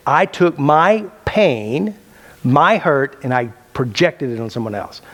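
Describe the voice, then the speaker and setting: A middle-aged man teaching a self-help talk to a live audience in a preachy way, firing rhetorical questions at the room. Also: mid-range voice.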